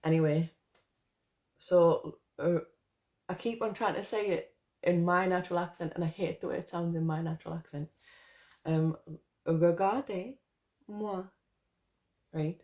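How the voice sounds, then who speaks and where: A woman's voice: on the low side, steady tone, moderate pace, pauses often, a little mellow. A woman poet chatting casually to her viewers, rambling and swearing, then reading her own poem aloud. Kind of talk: casual live chat and poetry reading.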